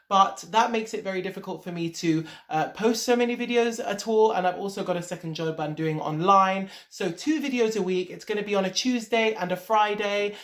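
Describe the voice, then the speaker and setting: A young adult woman, an actor, talking to her viewers in a chatty, emphatic vlog style with some casual swearing. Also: mid-range voice. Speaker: actor and vlogger. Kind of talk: casual vlog talk to camera.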